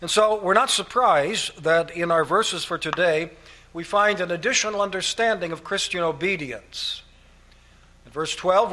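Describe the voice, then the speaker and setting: A man's voice: a little high, bright, forceful tone. A man preaching a sermon, laying out numbered points and repeating key phrases for emphasis. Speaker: pastor.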